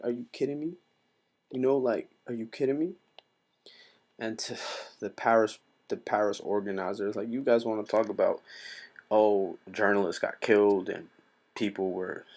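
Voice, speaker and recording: A man's voice: on the low side, a little hiss or hum. A man talking straight to camera in a casual vlog, impassioned and emphatic, repeating himself as he makes his point. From Mexico. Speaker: vlogger.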